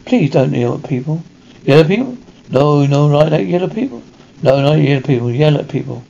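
A man doing a brisk female reporter. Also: on the high side, gravelly, dark tone. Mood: exasperated. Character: determined female newspaper reporter. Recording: dull lo-fi recording.

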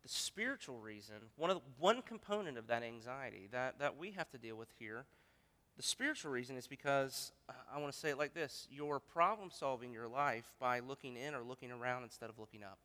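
A man's voice: mid-range voice, expressive, brisk, pushed and bright. A male pastor preaching a sermon, earnest and thinking aloud with frequent restarts. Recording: long hall reverb.

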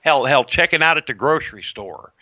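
A man's voice: medium pitch, expressive, brisk, bright, forceful tone, no echo. A man co-hosting a podcast in casual chat, rambling, self-mocking and swearing freely. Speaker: podcast co-host. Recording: dull, lo-fi sound.

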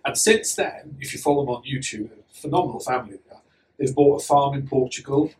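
Fast-talking man, chatty guest. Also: medium pitch, darkish tone. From West Wales. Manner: chatty, tells stories freely. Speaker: podcast guest, recruiter. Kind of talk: casual chat. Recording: slightly distant mic, faint room noise.

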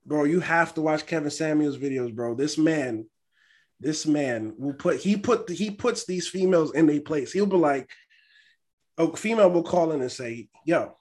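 Speaking at a moderate pace with a voice on the high side, a young man co-hosts a podcast in casual conversation. He narrates stories and quotes other people in a lively, acted-out way.

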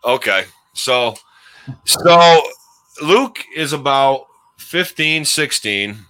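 A man's voice: medium pitch, lively intonation, drawn-out words, pushed and bright, clear, resonant tone. A man in his forties hosting a podcast, telling old stories in a rambling casual way and laughing as he goes. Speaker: podcast host. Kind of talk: casual storytelling chat.

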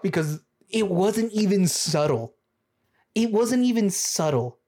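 Upbeat male video creator reacting to music; higher voice, frequent laughter, emphatic repeats. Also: slow. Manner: excitable, laughs often, repeats phrases for emphasis.

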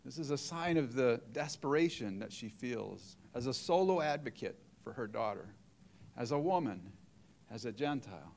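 A man's voice: mid-range voice, animated, moderate pace, vocal fry, a little mellow, slight background noise. A middle-aged man preaching a sermon, retelling a story and acting out the quoted voices.

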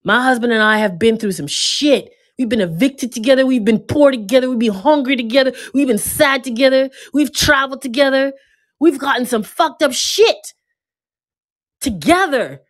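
A woman's voice: high-pitched, animated, moderate pace. A woman giving an emphatic, preachy motivational monologue, casual and peppered with swearing.

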